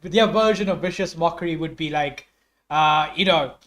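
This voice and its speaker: A young man with an Indian English accent pitches his character ideas to the table, thinking aloud through a stream of "um"s. His voice sits a little higher than most men's. He sounds keen and open. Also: normal speed, fairly bright tone. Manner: thinking aloud, many "um"s, enthusiastic. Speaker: player.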